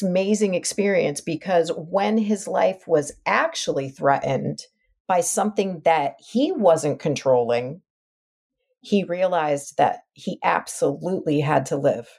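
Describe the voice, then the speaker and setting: A woman's voice: on the low side, vocal fry, a little mellow. A middle-aged woman, a podcast guest, telling a painful family story in a candid, heartfelt way, trailing off and restarting her thoughts. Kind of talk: emotional personal interview.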